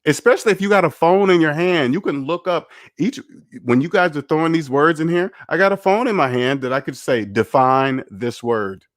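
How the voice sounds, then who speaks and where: A man's voice: fairly high pitch, brisk, few pauses, no echo, studio quality. A man hosting a finance livestream, rambling and candid as he reads the chat aloud and chats casually.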